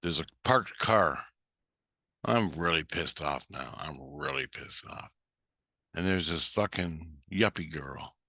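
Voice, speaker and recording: A man's voice: deep voice, very animated, slow pace, gravelly, sharp tone, dry recording, studio quality. A man telling a story in a blunt, heated way, swearing constantly. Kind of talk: casual storytelling.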